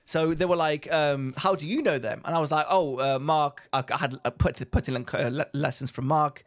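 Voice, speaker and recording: A man co-hosting a relaxed podcast chat, telling a long story that keeps going off on side tracks. His voice sits a little high for a man. He acts out the other people in his story and often breaks into laughter. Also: normal speed. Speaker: podcast co-host. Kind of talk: casual chat.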